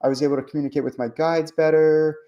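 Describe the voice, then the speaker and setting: A man hosting a spiritual show, talking casually in a rambling, animated way with many fillers and restarts. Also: on the high side, fast talker, muffled recording. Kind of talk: casual teaching monologue.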